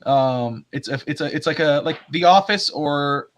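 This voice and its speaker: A man co-hosting a casual sports podcast, telling stories in an animated way and acting out quotes. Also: on the high side, moderate pace. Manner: animated storyteller, acts out quotes, swears casually. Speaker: podcast co-host.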